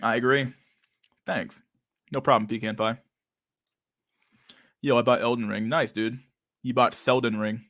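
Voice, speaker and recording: A man's voice: mid-range voice, steady tone, measured pace, long pauses, a bit bright, no echo, clean studio sound. A young man hosting a casual livestream chat, talking with a lisp and a stutter and many fillers as he reads out chat messages. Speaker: livestream host reading chat.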